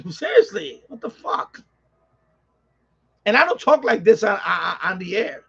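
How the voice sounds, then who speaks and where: New York streamer guy, high gravelly voice, profane rambling rant, dull lo-fi sound. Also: very animated, a little slow, pauses often. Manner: ranting, profane, rambling with repeats. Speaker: live stream host. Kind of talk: casual live-stream chat. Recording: slightly dull lo-fi audio.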